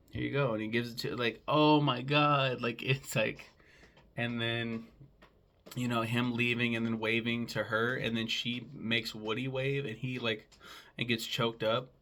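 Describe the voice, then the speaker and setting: A man's voice: medium pitch, vocal fry, a bit bright. A young man giving a casual, rambling film review, with lots of swearing and ums. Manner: rambling and profane, with frequent ums.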